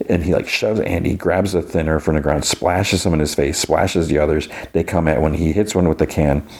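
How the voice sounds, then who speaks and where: A man's voice: a bass voice, darkish tone. A man hosting a podcast, casually retelling a show's episode with many fillers and restarts. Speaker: podcast host.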